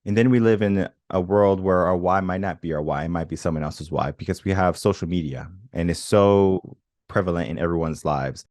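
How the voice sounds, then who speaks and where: Male podcast host in his thirties, very low voice, dry close sound, reflective storyteller. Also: fairly quick, darkish tone, no echo. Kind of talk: conversational interview.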